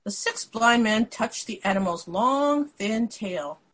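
A woman reading a picture book aloud in an expressive way, with casual asides to her listeners. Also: a little high, slow, rough recording. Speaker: storyteller.

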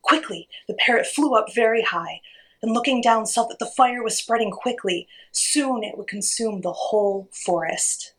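A woman reading a children's story aloud, expressive and gently animated. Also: a little high, moderate pace, poor audio.

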